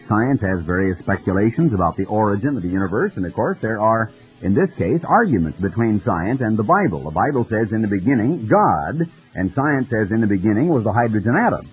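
A man preaching a radio sermon in a folksy, storytelling manner, with a husky voice. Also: fairly low pitch. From United States. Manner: folksy storytelling, mimics voices in quoted dialogue. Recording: dull lo-fi radio broadcast.

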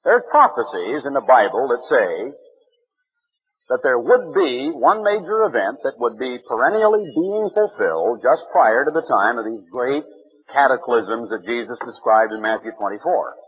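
Impassioned male radio preacher, lively pitch. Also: normal speed, slightly rough. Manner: impassioned, emphatic preaching with sweeping pitch swings. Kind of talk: radio sermon. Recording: muffled old radio broadcast.

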